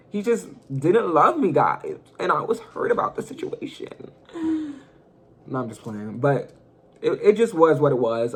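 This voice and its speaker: A young man telling a personal story in a casual vlog, animated and profane, talking straight to his viewers. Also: a little high, breathy edge. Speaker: storyteller vlogger.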